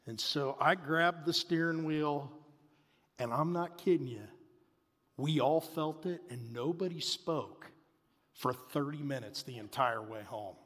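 A man in his forties preaching a sermon, telling a family story in an animated way that swings between loud bursts and hushed asides. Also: fairly high pitch, a little slow, slightly rough. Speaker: pastor. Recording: reverberant hall.

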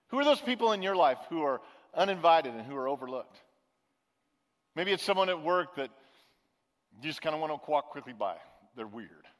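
High-voiced pastor preaching in an echoing hall. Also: male voice. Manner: conversational storytelling with emphatic repetition. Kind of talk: sermon.

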